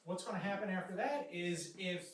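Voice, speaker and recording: A man's voice: sits high, normal speed, heavy reverb, distant mic, a little hiss or hum. A man running a trivia game on a live comedy stage, easygoing, reading out questions and answers. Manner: easygoing, laughing, reads questions plainly. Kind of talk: quizzing contestants on stage.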